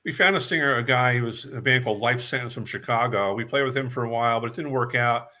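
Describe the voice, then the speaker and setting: An older man from New York recalls his band days in a bright, forceful voice. He rambles through his stories and repeats words as the memories come back. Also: medium pitch, fast. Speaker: guest musician. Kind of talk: casual storytelling interview.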